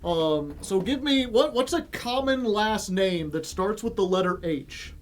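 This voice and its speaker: A young man streams a card game, chatting casually and rambling through joking stories with frequent laughs. His high voice has lively intonation and an unhurried pace, with a little hiss or hum in the recording.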